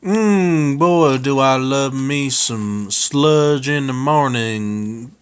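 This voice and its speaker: A man's voice: medium pitch, drawn-out words, smooth. A man voicing a crude, hotheaded redneck husband who drawls and curses in a comedic storytime. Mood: gruff. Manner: drawling, cursing.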